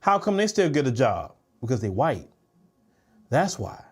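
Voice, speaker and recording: A man giving heated reaction commentary, lecturing and indignant, swinging between sharp exclamations and low, dismissive asides. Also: big pitch swings, unhurried, breathy edge.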